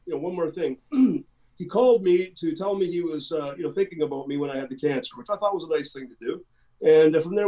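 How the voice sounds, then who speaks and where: A man's voice: fairly high pitch, warm tone. A middle-aged Canadian man, a musician guest in a casual interview, talking in an emphatic, rambling way.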